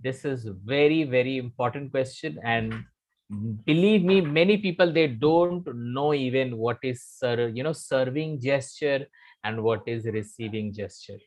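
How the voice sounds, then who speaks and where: A man's voice: mid-range voice, measured pace. A man with an Indian English accent teaching a live online English lesson. He is emphatic, repeats key phrases and quizzes his students. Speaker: English communication coach.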